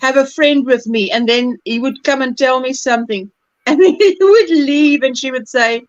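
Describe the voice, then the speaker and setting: A woman's voice: sits high, normal speed, no room sound, muffled recording. A woman hosting a crochet livestream, chatting casually, laughing often and reading viewer comments aloud. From South Africa.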